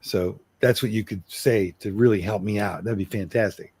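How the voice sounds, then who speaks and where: A middle-aged man coaching on communication, acting out an apology in an earnest way and slowing down for emphasis. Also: on the low side, a little mellow, husky. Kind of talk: role-played apology demonstration.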